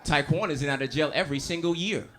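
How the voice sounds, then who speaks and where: A male stand-up comedian in his thirties with a New York accent, doing loud, animated crowd work full of profanity. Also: on the high side, fast. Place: comedy club stage. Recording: live room with audience. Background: audience laughter.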